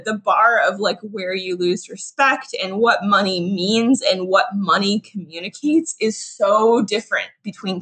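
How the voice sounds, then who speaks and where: A woman's voice: mid-range voice, fairly bright tone, rough recording. A woman talking casually on a podcast, chatty, with many filler words and restarts. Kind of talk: casual conversation.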